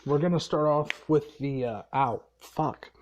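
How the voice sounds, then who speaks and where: A tired man retells a fan story off the cuff. He talks slowly and drawls, pausing on fillers. He swears freely as he rambles along. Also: on the high side, a little hiss or hum. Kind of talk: casual unscripted story retelling.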